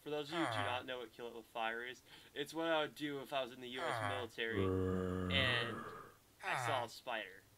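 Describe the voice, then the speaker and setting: A man giving excitable gameplay commentary, swinging from loud outbursts to quiet muttering. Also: mid-range voice, fairly quick, a crowd in the background. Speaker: gaming channel host. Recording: heavy background noise.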